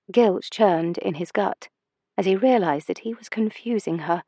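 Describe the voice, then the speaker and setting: Woman reading a romance audiobook, measured and expressive, mid pitch, super dry close mic. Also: no echo. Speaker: audiobook narrator. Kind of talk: scripted romance narration.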